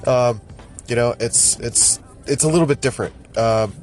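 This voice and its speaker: A man's voice: mid-range voice, normal speed, music in the background. A man hosting a casual solo podcast, rambling and interrupting himself, laughing at his own jokes. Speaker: podcast host. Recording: loud background noise.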